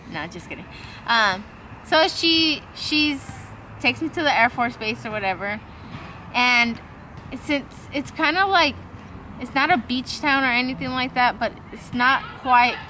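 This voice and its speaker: A woman's voice: a little high, expressive, a little slow, bright, forceful tone, slight background noise, poor audio. A young woman vlogger telling a long, rambling personal story in a casual way, swearing freely and acting out the lines of the people in it. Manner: acts out quoted dialogue.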